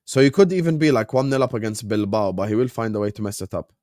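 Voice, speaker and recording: A man's voice: on the low side, lively intonation, quick pace, a little mellow, no room sound, studio quality. A man with a Jordanian Arabic accent, hosting a casual live-stream watchalong while a bit sick, bantering with viewers and switching between English and Arabic. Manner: bantering with viewers, reading out chat names. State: a bit sick, on cough syrup. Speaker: watchalong host.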